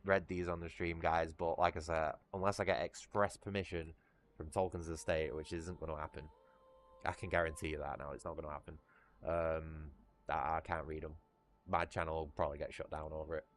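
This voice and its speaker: A man with a northern Lancashire accent chatting casually on a livestream, rambling, swearing freely and laughing at himself. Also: low voice. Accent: northern English, Lancashire.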